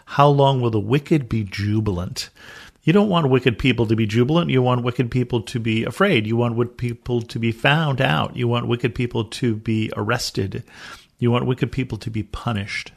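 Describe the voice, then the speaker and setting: A man's voice: medium pitch, moderate pace, creaky. A man from the United States teaching a Bible study podcast, reading scripture aloud and then explaining it earnestly.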